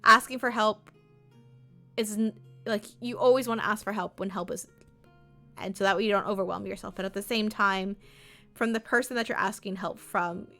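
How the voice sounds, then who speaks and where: A woman's voice: mid-range voice, normal speed, bright, forceful tone, faint music behind. A woman streamer chatting casually while playing a game, rambling and acting out her own and others' lines.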